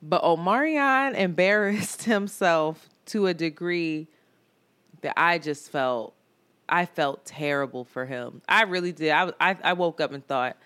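A woman co-hosting a podcast in casual chat, animated and laughing, jumping from loud outbursts to low mutters. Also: a little slow, smooth. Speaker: podcast co-host.

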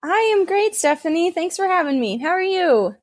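A woman therapist speaking as an interview guest, halting, with frequent pauses. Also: very high voice, big pitch swings, dry recording. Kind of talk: casual interview conversation.

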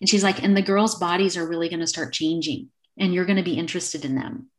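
A woman's voice: fairly low pitch, fast. A middle-aged woman in casual conversation, speaking openly and acting out little snippets of dialogue as she explains. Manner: animated, acts out little dialogues. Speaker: guest.

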